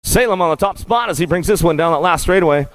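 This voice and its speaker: Rapid-fire rhythmic male race announcer. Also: a little high, no room sound. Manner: rapid rhythmic play-by-play, repeating stock phrases. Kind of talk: live race commentary. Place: BMX track announcer booth.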